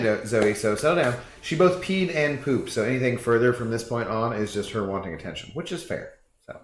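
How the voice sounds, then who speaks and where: Southern US male streamer, rambling and laughing, roomy echo with faint music behind. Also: medium pitch. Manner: rambling, chatty, laughs often. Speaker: game streamer. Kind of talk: casual chat with viewers. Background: faint background music.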